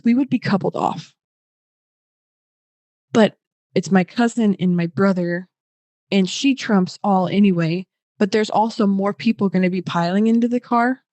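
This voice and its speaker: A young woman guest on a podcast, telling a personal story in an animated way, full of fillers and acted-out quotes. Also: mid-range voice, dry recording. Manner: animated, acts out quoted voices; many fillers like "like".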